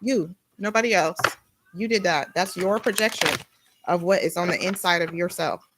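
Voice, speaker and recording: A young adult woman giving a casual spiritual tarot reading, blunt and animated, swearing freely as she talks. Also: lowish voice, normal speed, very noisy. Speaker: tarot reader.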